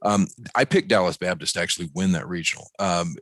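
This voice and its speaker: Deep-voiced man talking baseball. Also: brisk, no room sound. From Arkansas. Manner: folksy, animated, joking analysis with many fillers. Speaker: podcast co-host. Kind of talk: casual sports talk. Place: ballpark.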